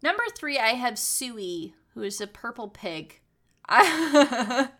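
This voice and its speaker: A woman's voice: fairly high pitch, slow pace. A woman co-hosting a casual chat, rambling and swearing as she tells stories. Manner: rambling, profane, animated storytelling.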